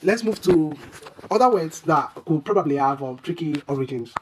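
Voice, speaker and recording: An English pronunciation teacher giving a lesson, who quizzes the listener with questions and repeats each word slowly and deliberately. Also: mid-range voice, expressive, a little hiss or hum, rough recording.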